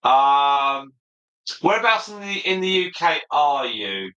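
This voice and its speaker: A man hosting a relaxed livestream, chatting as he reads viewer comments aloud and answers them one by one. His voice is very bright and sharp-edged, and it rings in an echoey room. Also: a little high, slow pace, muffled recording. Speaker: livestream host. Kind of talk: casual livestream chat.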